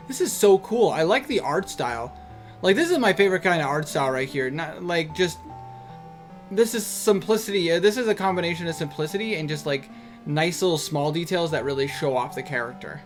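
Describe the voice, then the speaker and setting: A man hosting a let's-play video, chatting in an excitable way full of fillers and restarts. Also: fairly high pitch, brisk, soft background music. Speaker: gaming video host. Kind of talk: casual let's-play commentary.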